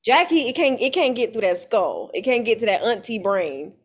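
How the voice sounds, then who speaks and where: A woman co-hosting a casual chat, recapping reality TV in a lively, profane, animated way. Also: fairly high pitch, moderate pace. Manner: animated, profane, mimics cast members. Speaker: podcast co-host.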